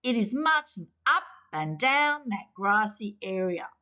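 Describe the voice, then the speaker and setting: A curious little snot creature marvels at what it sees, as a woman plays it, with a lively, rising and falling pitch. It is a storybook voice in a dull, lo-fi recording. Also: measured pace. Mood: wondering. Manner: excited, wondering storybook voice. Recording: dull lo-fi sound.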